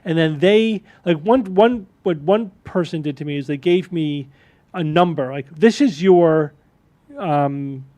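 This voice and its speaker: A man co-hosting a podcast, explaining things in an animated way and acting out quoted voices. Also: on the high side, a little slow. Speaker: podcast co-host. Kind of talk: casual chat.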